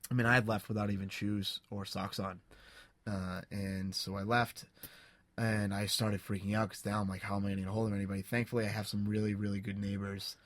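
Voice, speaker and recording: A young man on a podcast, telling a personal story in a casual, halting way, with many restarts and fillers. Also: lowish voice, level tone, no echo. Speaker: podcast co-host.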